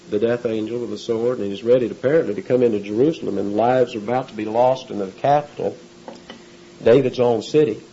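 A male pastor delivers an expository sermon conversationally, frequently asking his listeners questions. His voice is medium-pitched, warm, and husky, with lo-fi sound.

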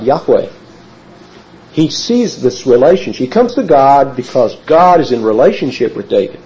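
Male preacher, lively sermon delivery, mellow voice, muffled lo-fi recording. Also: a little high. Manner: animated, emphatic Bible teaching.

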